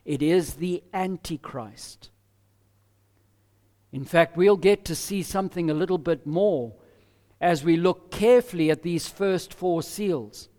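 High-voiced man preaching slowly in echoey hall. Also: dark tone. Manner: measured, emphatic preaching with deliberate pauses. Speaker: pastor. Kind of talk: expository sermon.

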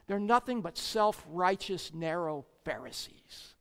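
Recorded in a large hall, a preacher with a creaky, mid-range voice speaks a little slowly. His emphatic sermon swings between loud declamation and quiet asides, full of rhetorical questions and sarcastic jabs.

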